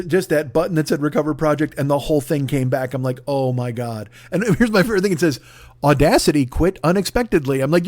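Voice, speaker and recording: A man in his forties hosting a solo comedy podcast, ranting off the cuff, swearing a lot and jumping into loud shouted bits. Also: sits high, no echo, studio quality. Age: 40s. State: shaken up and jittery. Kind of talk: improvised comic monologue.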